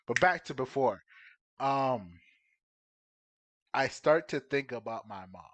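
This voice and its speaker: A man playing a tabletop game, talking earnestly and emotionally with many halting fillers. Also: medium pitch, lively intonation, a bit bright, dry recording. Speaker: player. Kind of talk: casual tabletop role-play.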